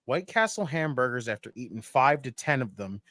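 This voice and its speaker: A man hosting a wrestling watch party, talking loosely and swearing as he jokes with the chat. His pitch sits mid-range, and the close, dry mic gives the voice no room sound. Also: normal speed, no echo. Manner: profane, excitable, jokey. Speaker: podcast host.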